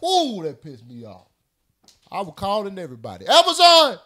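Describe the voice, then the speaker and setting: A man telling a story on a casual podcast, loud and animated, with plenty of cursing. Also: fairly high pitch, moderate pace. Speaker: podcast host.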